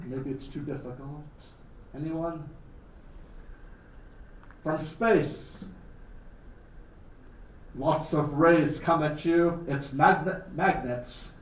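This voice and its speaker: A man's voice: fairly high pitch, takes it slowly, long pauses, a little hiss or hum. Canadian guy teaching a class, joking around, roomy sound, kinda far from the mic. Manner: playful, simple wording for learners, jokes. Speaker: guest lecturer. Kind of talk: classroom talk about his country. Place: classroom or lecture hall. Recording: roomy, distant classroom recording.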